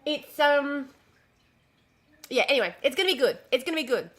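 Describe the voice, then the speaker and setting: A woman livestreams herself showing a dress she's sewing, chatting in a rambling, distractible way with plenty of swearing. Her high voice has lively intonation and a moderate pace.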